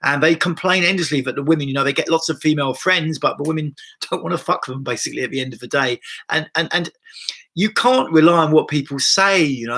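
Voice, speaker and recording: A man's voice: fairly high pitch, fast, pushed and bright. A man hosting a livestream on body-based therapy, talking casually and bluntly, swearing freely and restarting his sentences with many "you know"s.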